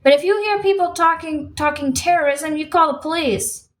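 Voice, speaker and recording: A woman's voice: a little high, steady tone, moderate pace, distant mic, natural voice. A woman voicing a feisty twenty-two-year-old Italian woman cook who stutters and stands up for herself. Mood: defiant. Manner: stuttering, defiant.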